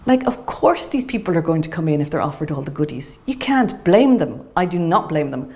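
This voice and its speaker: A woman in a documentary interview, speaking in a calm, measured way and urging restraint. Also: deep voice. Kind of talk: talking-head interview.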